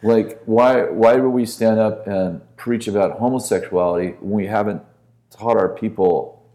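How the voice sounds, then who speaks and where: Guy with a deep dark voice, minister guest on a podcast, earnest impassioned storytelling. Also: steady tone, moderate pace.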